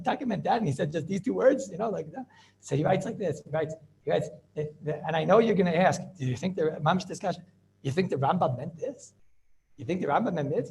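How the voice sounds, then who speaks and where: A middle-aged rabbi giving an informal yeshiva class. He is animated and rhetorical, keeps asking "right?", and mixes Hebrew and Yiddish terms into his talk. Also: high-pitched, creaky, slight background noise. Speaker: rabbi teaching a halacha class.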